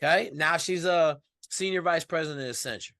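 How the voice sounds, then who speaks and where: A man as a podcast guest, telling stories in a colloquial, emphatic, animated way. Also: on the high side, fairly quick, creaky, no room sound, studio quality. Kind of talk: casual storytelling interview.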